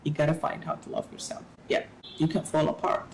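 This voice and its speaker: A middle-aged woman speaking as an interview guest, giving animated, preachy advice with playful asides. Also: deep voice, brisk, slight background noise, poor audio. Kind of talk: casual interview talk.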